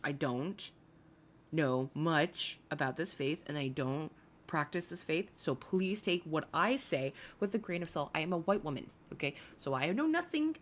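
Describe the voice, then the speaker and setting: A woman's voice: low voice, lively intonation, normal speed, slight background noise. A woman hosting a casual commentary stream, chatty and swearing freely as she greets her chat by name.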